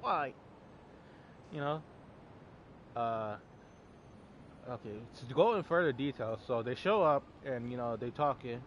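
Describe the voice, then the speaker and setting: A man's voice: medium pitch, muffled recording, slight background noise. A man recapping a film's plot in a loose, rambling way, with lots of fillers and some swearing. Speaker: movie reviewer. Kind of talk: casual spoiler recap.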